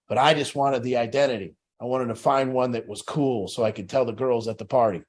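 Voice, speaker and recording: A man's voice: mid-range voice, fairly even intonation, a little fast, few pauses. A middle-aged man leading a recovery group, telling a personal story in a blunt, profane way.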